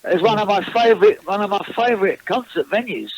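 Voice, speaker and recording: A man's voice: high-pitched, expressive, brisk, highs cut off. An older man, a guest musician, recalling past tours in a casual interview, chatty and rambling with frequent restarts and chuckles. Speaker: guest musician, former backing singer.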